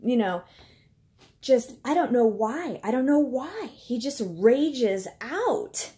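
A woman's voice: on the high side, very animated, slow, warm tone. A woman in her thirties telling a personal story in a casual home vlog, chatty, with many fillers, and acting out what people said. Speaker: vlogger. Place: indoors at home.

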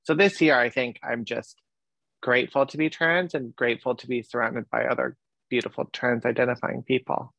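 A man's voice: mid-range voice, fairly even intonation, moderate pace, gravelly, fairly bright tone, no echo. A man on a panel, speaking earnestly and gratefully, heard on dull lo-fi call audio. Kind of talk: personal sharing on a panel.

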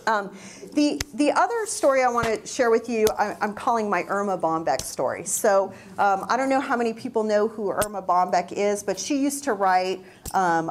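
A middle-aged woman giving a reflective personal talk, telling stories and acting out remembered conversations. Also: a little hiss or hum. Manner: reflective, acts out quoted dialogue with raised pitch. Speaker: university staff speaker.

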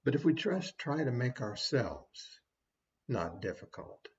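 A man's voice: mid-range voice, very animated, measured pace, creaky, lo-fi sound. A man giving a short devotional sermon as a preacher, folksy and conversational with small asides.

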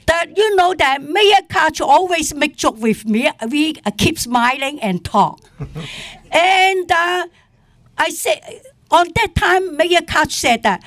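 An older woman who runs a senior center, testifying at a public hearing in an animated, indignant way and laughing often. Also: high-pitched, slow, no echo. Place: council committee room.

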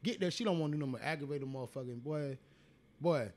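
A man co-hosting a podcast, bantering crudely and loudly, repeating lines for emphasis. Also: fairly high pitch, fast talker. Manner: loud, boastful, repeats himself for emphasis. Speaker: podcast co-host.

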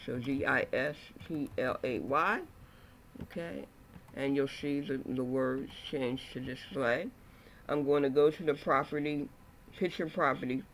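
A man instructing a screen-recorded software tutorial, talking through each click step by step with frequent okays and ums. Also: mid-range voice, slight background noise.

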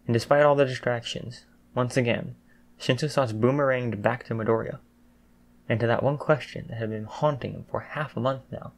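A man narrating a fan fiction audiobook in a steady storytelling voice. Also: medium pitch, moderate pace.

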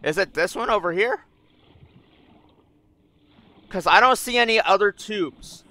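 A man's voice: high-pitched, unhurried, sharp tone. A young man giving casual gameplay commentary, thinking aloud, getting frustrated and swearing often. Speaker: gaming YouTuber.

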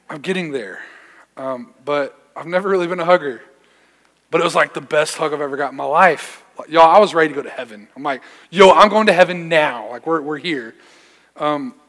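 Young man, youth pastor, casual slangy sermon storytelling, slightly high voice, church hall reverb. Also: fairly bright tone. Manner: casual storytelling, slangy, self-deprecating humor. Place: church sanctuary.

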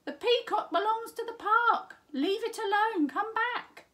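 A sensible Siamese cat from a children's storybook speaks in a high, bright voice, as a woman reading aloud puts him on. He calls out warnings with clear urgency. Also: expressive, a little slow, exaggerated voice. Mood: urgent calling. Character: sensible male Siamese cat, calm friend.

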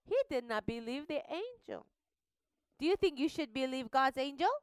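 A woman teaching a Bible lesson to young children, asking questions and having them repeat words slowly. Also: high-pitched, dry recording, studio quality. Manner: animated, slow and questioning, prompts children to repeat. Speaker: Sunday school teacher. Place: studio.

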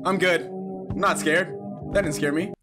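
High-voiced young man playing a horror game. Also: steady tone, normal speed. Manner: jokey, nervous bravado, shouts when startled. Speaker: gaming YouTuber. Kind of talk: casual let's-play commentary. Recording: music playing behind.

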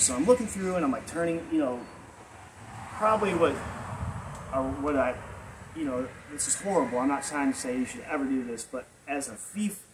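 A man's voice: medium pitch, background noise. A man telling a personal story in a casual, rambling way full of filler words, as the host of his own channel. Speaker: vlog storyteller.

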